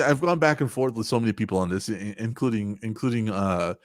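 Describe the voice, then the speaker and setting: A man's voice: on the low side, a little fast, few pauses, no room sound, studio quality. A man in his forties hosting a casual podcast chat, rambling and swearing often, with frequent laughs. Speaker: podcast host.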